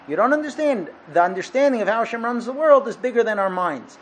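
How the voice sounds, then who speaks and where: A man teaching a Torah lesson, explaining with a parable and acting out its dialogue with animated delivery. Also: high-pitched, fast talker, a little hiss or hum, poor audio. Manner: animated, acts out dialogue in the story. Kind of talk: lecture with parable storytelling.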